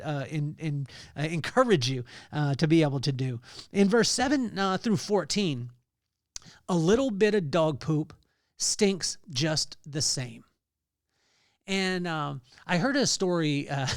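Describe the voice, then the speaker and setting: A man's voice: on the high side, no room sound, studio quality. A man hosting a podcast, talking through a Bible passage in a casual, earnest way, with fillers and light laughs. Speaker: podcast host. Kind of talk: casual devotional talk.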